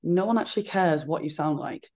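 A woman with a regional accent, a fitness coach chatting as a podcast guest, talking in an animated way with lots of "like". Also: sits low, a little fast. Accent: regional accent she calls her own. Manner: chatty, frequent "like" fillers, animated retelling. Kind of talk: casual interview chat.

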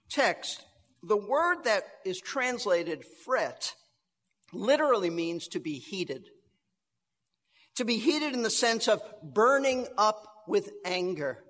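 Male preacher, high voice, steady teaching delivery, long hall reverb. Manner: measured teaching, repeats words for emphasis. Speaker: pastor. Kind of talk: verse-by-verse sermon.

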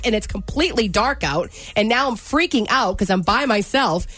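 Female co-host, animated storyteller, heavy on "like". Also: a little high, normal speed, few pauses, soft background music. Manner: animated, rambling, many "like" fillers. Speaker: radio co-host. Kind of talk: casual storytelling chat.

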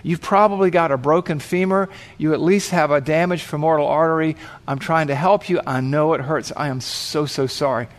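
A man voicing a calm, patient female paramedic reassuring an injured man. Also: on the high side, fairly quick, hardly any pauses, lightly acted.

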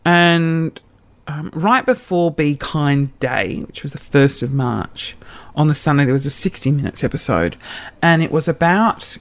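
A woman, a comedian telling a rambling, self-mocking story on her podcast. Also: sits low.

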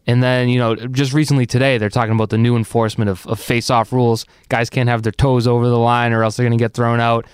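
A man's voice: mid-range voice, flat delivery, fast talker, hardly any pauses, clear, resonant tone, dry recording, studio quality. A man appearing as a podcast guest, chatting casually about sports in a blunt, exasperated way.

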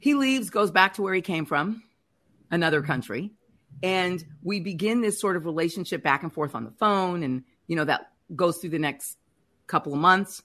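Middle-aged woman with a low voice, telling her testimony candidly and casually. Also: moderate pace. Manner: candid, animated retelling with acted-out quotes. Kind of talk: personal testimony, casual storytelling.

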